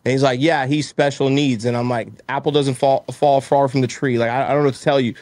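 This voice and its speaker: A man on a casual podcast, telling animated stories and acting out little exchanges in quoted voices. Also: mid-range voice, fast, no room sound. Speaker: guest, roofing company owner.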